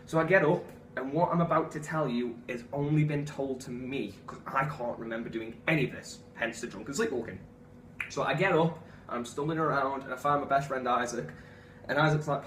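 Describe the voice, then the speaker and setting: A young man telling a comic story in an animated, profane, self-mocking way. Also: medium pitch, brisk, a little hiss or hum. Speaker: vlogger. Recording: echoey room, far from mic, faint ambience.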